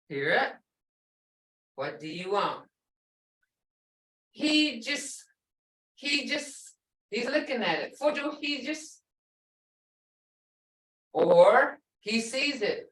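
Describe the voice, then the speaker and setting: Recorded from afar in a roomy space, this language instructor speaks a little high, with big pitch swings and a sharp tone. In her online class she patiently models words at a slow pace, drawing out each one to demonstrate its tone.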